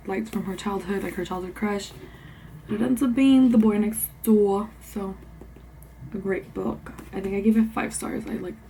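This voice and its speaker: A young woman talks books in a bubbly, chatty way, a bit out of breath and full of fillers. Her voice sits at a middle pitch. Faint ambient noise hums behind her. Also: darkish tone, low-quality recording. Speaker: book vlogger. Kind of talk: casual chat. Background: faint ambient noise, passing car.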